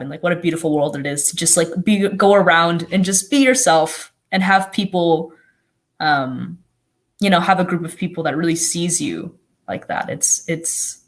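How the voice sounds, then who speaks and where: A young guest talking about their own life on a video call, excited and chatty, with many "like"s and restarts. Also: medium pitch. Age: teens or young adult. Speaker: youth guest blogger. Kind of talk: casual live-stream conversation.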